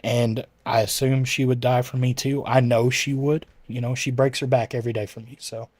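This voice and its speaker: Answering his livestream chat, a man rambles and keeps correcting himself in a casual, conversational way. His medium-pitched voice is flat and darkish, at a moderate pace, and the recording is dry.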